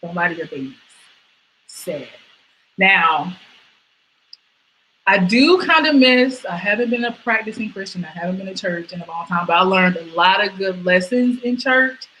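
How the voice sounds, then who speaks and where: A young woman with a lilt performs her comedy set from home over a stream. Her voice is bright and forward. She leaps into high squeals, then drops to quiet mutters, with a faint hum of room noise behind her. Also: animated, moderate pace, pauses often, poor audio. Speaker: stand-up comedian.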